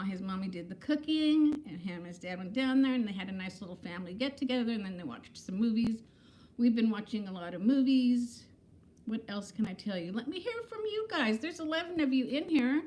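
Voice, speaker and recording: A woman's voice: on the high side, darkish tone. A woman in her fifties, chatting candidly and self-deprecatingly to viewers on a casual livestream from her home, greeting them by name. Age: 50s. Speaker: livestream host. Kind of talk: casual live-stream chat.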